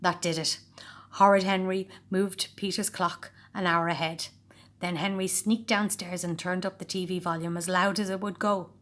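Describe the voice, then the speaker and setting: A woman narrating a children's storybook, expressive and voicing every character. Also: lowish voice, moderate pace.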